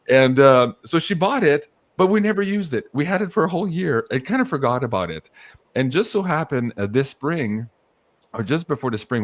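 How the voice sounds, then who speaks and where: A man's voice: medium pitch, no room sound. A man hosting a podcast, chatting casually and telling stories with swearing and acted-out quotes. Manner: animated storytelling, swears casually, acts out quotes. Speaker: podcast host.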